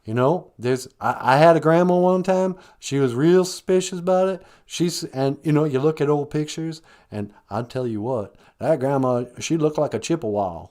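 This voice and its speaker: A man's voice: a little high, normal speed, hardly any pauses, a little mellow, natural voice. A man voicing a brash, pushy woman caller who teases and bosses the host around. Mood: chatty. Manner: brassy, calls the host a fool.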